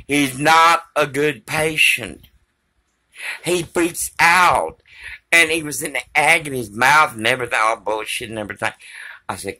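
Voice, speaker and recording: A man's voice: mid-range voice, pushed and bright. A man vlogging to a phone camera in a rambling, profane monologue that drifts between topics.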